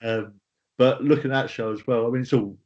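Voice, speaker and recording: A man's voice: medium pitch, fairly even intonation, quick pace, a little mellow. A man, a guest talking casually about his sport in a plain-spoken, rambling way with fillers and the odd swear word. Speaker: guest bodybuilder. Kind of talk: casual podcast chat. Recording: slightly dull lo-fi audio.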